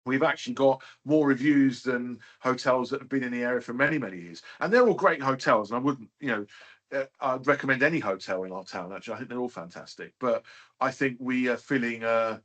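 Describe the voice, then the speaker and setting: A man's voice: medium pitch, a little fast, a bit bright. A man who owns a hotel, talking casually in an interview, filling his sentences with "you know.". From United Kingdom. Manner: chatty, many fillers like "you know". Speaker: hotel owner, guest.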